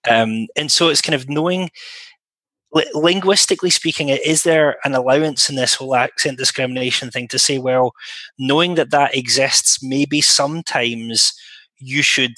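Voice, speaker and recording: A man co-hosting a chat podcast who works as an interpreter. His voice is bright and close-miked with a dry sound. He talks in long, measured sentences that build a careful argument. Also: medium pitch, no room sound. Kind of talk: casual panel chat.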